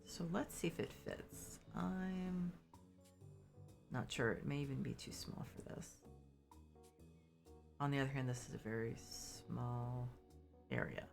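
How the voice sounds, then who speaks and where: Soft music plays as a middle-aged game streamer talks with her viewers in a deep bass voice that is slow, a little mellow, and full of vocal fry and long pauses. Congested and sniffly, she rambles, apologizes, and leans heavily on fillers.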